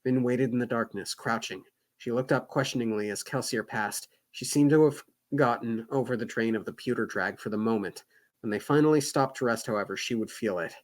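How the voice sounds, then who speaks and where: A man co-hosting a book club show, reading a novel aloud with expressive, animated reactions. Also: mid-range voice, fairly quick. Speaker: podcast co-host reading aloud.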